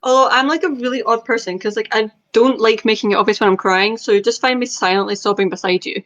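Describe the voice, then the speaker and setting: A woman's voice: on the high side, steady tone, fast, fairly bright tone. Young woman chatting, dull lo-fi sound. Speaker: podcast co-host. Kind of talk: casual chat.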